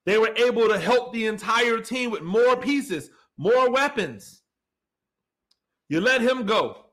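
A man's voice: extremely high pitch, animated, slow, fairly bright tone. A man hosting a solo sports podcast, ranting heatedly and repeating himself as he argues. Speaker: podcast host. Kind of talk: solo sports commentary rant.

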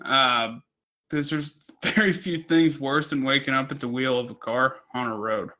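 A man's voice: medium pitch, moderate pace, pushed and bright. A man co-hosting a podcast, telling a rambling story in casual chat, swearing constantly. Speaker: podcast co-host.

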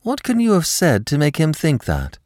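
A man's voice: wildly swooping pitch, darkish tone, no room sound, studio quality. Man voicing a grave, secretive husband. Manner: grave, low, deliberate. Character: husband, smooth-talking, secretive, quick to anger. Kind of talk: audiobook character reading.

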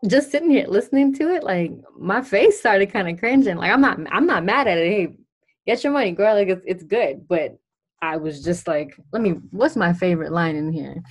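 A woman's voice: mid-range voice, expressive, normal speed, husky. A woman guest on a podcast, talking frankly in casual chat, joking and swearing freely.

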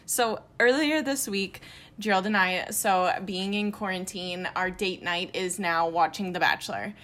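A woman's voice: on the low side, a little slow, fairly bright tone. A young adult woman co-hosting a podcast, telling stories in a casual, chatty way with lots of filler words. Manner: chatty storytelling, heavy filler "like". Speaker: podcast co-host. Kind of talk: casual chat.

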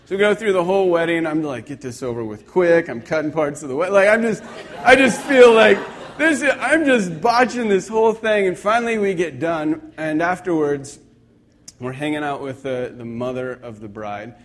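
Young guy pastor, bit higher voice, chatty and self-deprecating in his sermon. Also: normal speed. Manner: conversational, self-deprecating storytelling.

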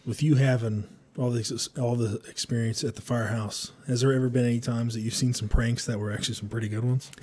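A man hosts a casual interview, talking quickly in a slightly husky voice. He asks relaxed questions and nudges his guest along with short replies. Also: mid-range voice. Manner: brief encouraging backchannels.

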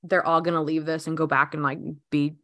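A young woman with a lowish voice, chatting casually as a podcast co-host and thinking out loud with plenty of "like"s. The sound is dry and close, with no room around it. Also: flat delivery, a little fast, dry recording. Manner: chatty, muses aloud with many "like"s. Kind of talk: casual chat.

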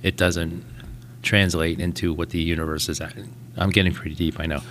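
A man's voice: low-pitched, little pitch movement, brisk, fairly bright tone, slight background noise. A man in casual conversation, rambling through big thoughts and telling a joke with voiced characters. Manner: rambling, musing, tells jokes with voiced characters. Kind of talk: casual podcast chat.

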